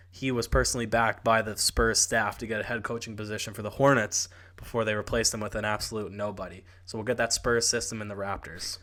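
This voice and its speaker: A man's voice: on the low side, a bit bright. A man co-hosting a casual sports podcast, joking around and laughing often with his co-host. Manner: playful, laughs often, quick asides.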